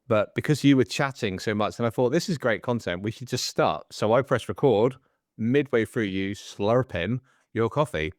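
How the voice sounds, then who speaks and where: A man hosting a podcast in casual, joking chat, relaxed and swearing freely. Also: medium pitch, moderate pace, dry recording, clean studio sound. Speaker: podcast host.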